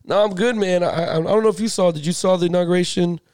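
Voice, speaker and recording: A man co-hosting a casual sports podcast, animated, swearing freely and tripping over his words. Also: high voice, fast talker, smooth, no echo, clean studio sound. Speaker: podcast co-host.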